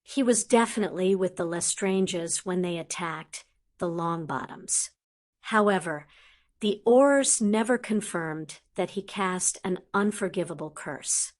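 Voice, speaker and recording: Lady narrator doing a slow low old wizard headmaster, calm and grave, audiobook. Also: lightly acted. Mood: measured. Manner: grave, deliberate and gentle. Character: old wise male headmaster, calm and measured. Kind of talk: audiobook character voice.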